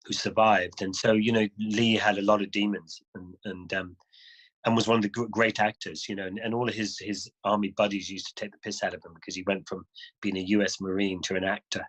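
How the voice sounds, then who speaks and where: A man as an interview guest, telling a story in a casual, animated way, often restarting phrases and chuckling. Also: on the low side, fairly quick, breathy edge, rough recording.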